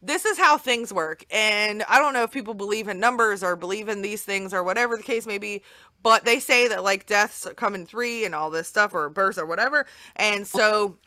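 A woman being interviewed as a guest tells an emotional personal story, earnest and animated, repeating phrases for emphasis. Her voice is mid-range, at normal speed, with no echo.

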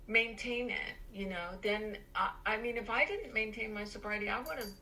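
A woman's voice: on the high side, normal speed, sharp tone, low-quality recording. A woman co-hosting a podcast, earnestly sharing reflections in a casual conversation.

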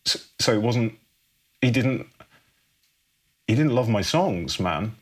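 A man voicing an emotional, excitable young male singer who cries out in a high, strained voice. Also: takes it slowly. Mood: heartbroken.

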